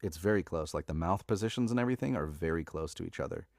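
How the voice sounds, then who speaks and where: Casual male host with a low voice and a dry, close sound. Relaxed, rambling, filler-heavy live-stream chat. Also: fast, vocal fry, no echo. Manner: laid-back and chatty, many fillers and laughs, says "dude".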